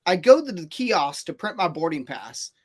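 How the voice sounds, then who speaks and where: A man telling a long story on a casual podcast, animated and rambling, with many fillers and restarts. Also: on the high side, moderate pace.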